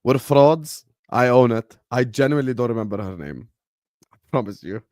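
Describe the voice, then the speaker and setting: A young man talks casually on a live football stream at an ordinary middle pitch. He rambles and jokes with slang and the odd swear word, and his level swings between soft mock-sad murmurs and loud outbursts at the match. The sound is close and dry. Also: animated, normal speed, no echo. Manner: drops to low mock-sad mumbles, then loud bursts at match action. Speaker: streamer hosting a football watchalong.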